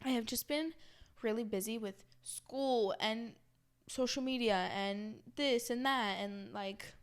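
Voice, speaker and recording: A woman's voice: fairly high pitch, slow, clear, resonant tone. A young woman vlogging to her followers in a chatty, rambling way, full of "like" and restarts. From Los Angeles area. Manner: chatty, rambling, many fillers like "like". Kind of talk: casual chat to camera.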